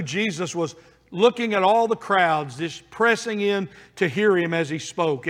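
A man's voice: high voice, fairly bright tone. A man preaching a sermon in an earnest, pleading way, with emphatic repeated phrases. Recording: long hall reverb.

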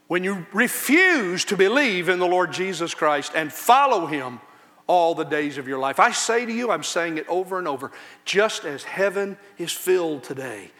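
A man preaching a sermon from a church pulpit, his voice bright and a touch high. He swings between loud, soaring outcries and low, hushed warnings. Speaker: pastor.

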